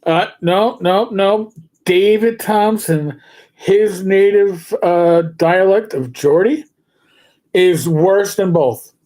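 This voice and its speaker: A man's voice: high voice, takes it slowly, dark tone. A middle-aged man co-hosting a casual chat, telling stories and stumbling over repeated words. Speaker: co-host, former police officer.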